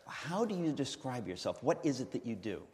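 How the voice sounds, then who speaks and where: Speaking briskly in a mid-range, sing-song voice with a touch of mellowness, this male host runs a live interview on stage. He's wry and self-deprecating, making jokes about himself. The recording picks up the echo of a large hall and a faint live audience.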